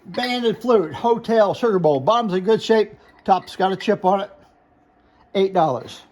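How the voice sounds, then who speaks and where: A man's voice: high voice, measured pace, darkish tone. A man showing glass pieces for sale, listing names, flaws and prices in a plain, matter-of-fact way. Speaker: glass seller. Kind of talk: product showcase sales talk.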